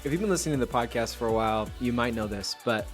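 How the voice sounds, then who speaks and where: A man's voice: mid-range voice, lively intonation, rapid-fire, soft background music. A man hosting a podcast in casual chat, joking and laughing easily as he welcomes a guest and steers the talk. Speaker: podcast host.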